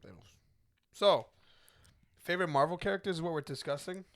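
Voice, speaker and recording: A young man co-hosting a podcast in casual chat, teasing in a dry, low-key way. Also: fairly quick. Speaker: podcast co-host. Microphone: studio mic.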